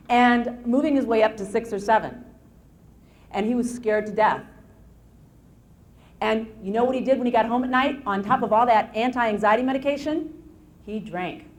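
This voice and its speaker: A woman lecturing on anxiety at a live seminar, telling case stories in an animated way with frequent restarts. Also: medium pitch. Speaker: anxiety self-help lecturer. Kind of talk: live motivational seminar talk.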